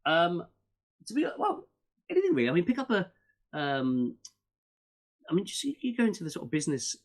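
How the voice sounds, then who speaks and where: A middle-aged man, a podcast guest in casual interview chat who talks in animated, rambling bursts with many restarts and fillers. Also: sits high, normal speed.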